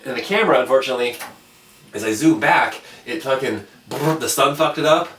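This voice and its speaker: A man hosting a casual chat, telling a long, animated, profane story and acting out his own reactions. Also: medium pitch, a little fast. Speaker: podcast host telling a story. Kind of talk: casual storytelling over beers. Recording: roomy, distant mic with faint noise.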